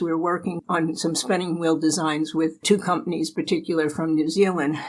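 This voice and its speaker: An older woman from the United States speaks as an interview guest, sharing anecdotes from her life. Her talk is chatty and relaxed, often broken by easy laughter. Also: lowish voice, rough recording. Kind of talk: casual storytelling interview.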